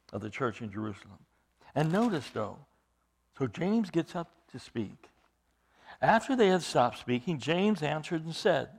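A man's voice: mid-range voice, gravelly. A man preaching an expository sermon, reading scripture aloud and explaining it with emphatic stresses and rhetorical questions. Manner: emphatic, rising to loud stresses on key words.

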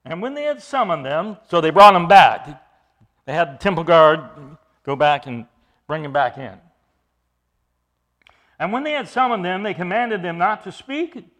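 Male preacher, high voice, sweeping and lively intonation, emphatic expository sermon. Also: unhurried, pauses often. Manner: emphatic, explains scripture verse by verse.

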